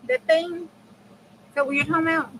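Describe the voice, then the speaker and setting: A woman's voice: very high-pitched, steady tone, fairly quick, bright, forceful tone, a little hiss or hum, low-quality recording. A middle-aged woman chatting casually to her viewers while crafting, folksy and talkative. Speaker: craft channel host.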